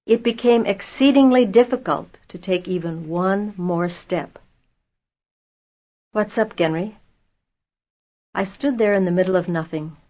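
A woman reading a novel aloud in the first person, measured and tense. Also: mid-range voice. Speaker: audiobook narrator. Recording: dull lo-fi audio.

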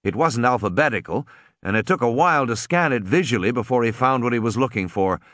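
A man narrating an audiobook in a dramatic, animated reading. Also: medium pitch, fairly quick, no room sound, clean studio sound.

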